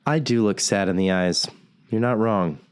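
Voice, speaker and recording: A man's voice: on the low side, normal speed, clean tone, close to an everyday voice. A man playing a wry, broke radio host. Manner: wry, self-deprecating, laughs often. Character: broke, self-deprecating male radio host.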